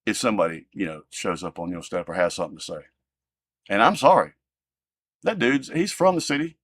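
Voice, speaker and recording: A man hosting a livestream, ranting with profanity and swinging between loud outbursts and low muttering. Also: lively intonation, brisk, husky, dry recording, studio quality. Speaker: livestream host. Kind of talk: heated ranting livestream talk.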